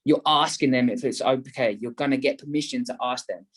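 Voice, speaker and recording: A man talks about property investing as a podcast guest, jumping between his own voice and acted-out phone calls. His delivery is lively and chatty, sitting at a middle pitch. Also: fairly quick, hardly any pauses, husky. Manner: animated, acts out phone calls. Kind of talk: casual podcast talk.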